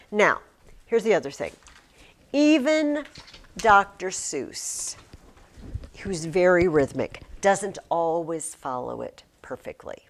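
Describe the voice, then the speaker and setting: A middle-aged teacher, a woman with a voice on the low side, talks to her class with lively energy and a pitch that swoops up and down. Along the way she chants rhythms out loud and chats with the students.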